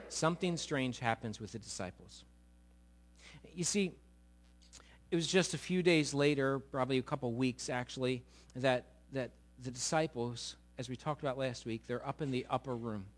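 A male pastor preaching a sermon, retelling stories with lively, animated delivery and repeated words. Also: medium pitch.

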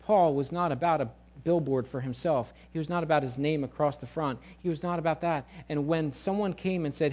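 A middle-aged male pastor preaching a sermon, animated and sometimes acting out quoted voices loudly. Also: on the high side, a little fast, few pauses.

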